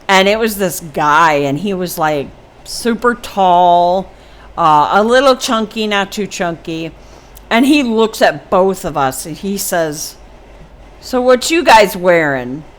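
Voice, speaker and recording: A woman's voice: lowish voice, expressive, takes it slowly. An older woman vlogger telling a personal story casually, meandering with many ums and asides.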